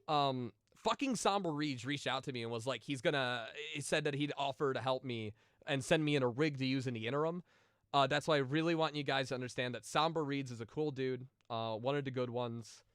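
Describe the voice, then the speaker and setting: Speaking briskly in a medium-pitched, fairly bright voice, clear and resonant, the livestreamer sounds studio-quality with no echo. Working through viewer questions, he rambles and swears, uses lots of fillers and restarts, and turns emotional and sensitive at times.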